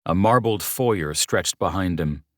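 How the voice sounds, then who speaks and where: A man narrating a romance audiobook in the first person, his dialogue gruff and commanding. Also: sits low, measured pace, fairly bright tone, dry recording, clean studio sound.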